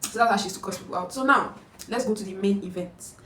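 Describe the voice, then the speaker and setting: A young woman in her twenties with a Nigerian accent, telling a story in a chatty, animated way. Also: medium pitch, fast talker, distant mic, slight background noise. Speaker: vlogger. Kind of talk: casual storytime. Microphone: camera mic from a distance. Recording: echoey room, no microphone.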